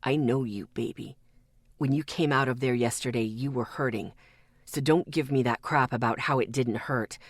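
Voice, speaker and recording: A woman voicing a gruff, traumatized young man who growls and bites out his words in an audiobook. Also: low-pitched, moderate pace, no room sound, clean studio sound, voice pushed down, close to an everyday voice. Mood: low and hard. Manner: growling, clipped.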